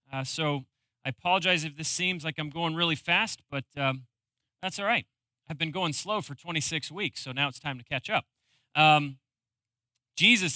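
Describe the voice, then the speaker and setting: Bright, high-voiced man preaching casually. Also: dry recording. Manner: casual, conversational preaching with frequent fillers. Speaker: pastor. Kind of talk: sermon.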